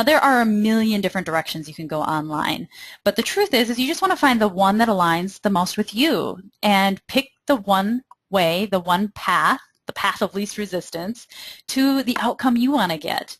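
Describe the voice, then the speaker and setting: A woman's voice: medium pitch, dry recording. A young adult woman with a Minnesotan accent, presenting a marketing webinar in an upbeat, persuasive way and speaking straight to her listeners.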